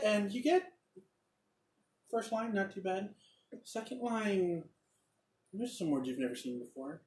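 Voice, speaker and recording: A man's voice: sits high, big pitch swings, a little slow, long pauses, distant mic. A man narrating as game master in a rambling, hesitant way. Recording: roomy echo, off-mic.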